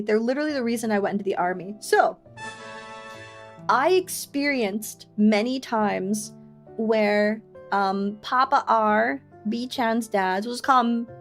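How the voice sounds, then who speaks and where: Animated woman streamer reading and chatting. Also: a little high. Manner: animated, expressive storyteller. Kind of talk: live-streamed game reading and chat.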